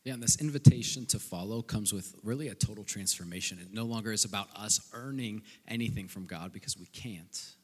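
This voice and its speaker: Husky man preaching in reverb. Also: fairly low pitch. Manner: earnest, reads scripture aloud with lively emphasis. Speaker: pastor. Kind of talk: sermon-style teaching on scripture. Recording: long reverb.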